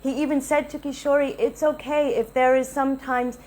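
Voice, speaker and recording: In a devotional talk, a woman earnestly shares a personal, confessional story, acting out the dialogue as she retells it. Her high voice holds a steady tone and is a little mellow, her pace is fairly quick, and the recording is rough.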